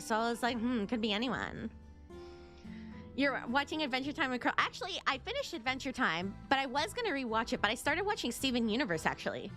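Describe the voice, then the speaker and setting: Young woman, gaming streamer, excitable, repetitive, high lively voice, faint music behind. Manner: excitable, repeats herself, sings silly snippets. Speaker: VTuber streamer. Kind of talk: casual gaming stream chat.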